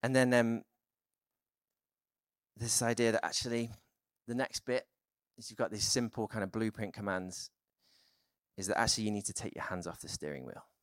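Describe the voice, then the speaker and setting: A male preacher talks through his sermon in an easygoing, conversational way, often pausing on fillers. His voice sits on the low side and is recorded close, with almost no room sound. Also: dry recording.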